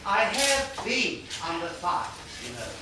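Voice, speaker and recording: An actor playing a polite, hesitant honorary army captain who is more artist than soldier and stammers nervously. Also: male voice, sits high, sing-song, takes it slowly, full character voice. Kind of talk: stage play acting. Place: theatre stage. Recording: distant echoey stage recording, very noisy.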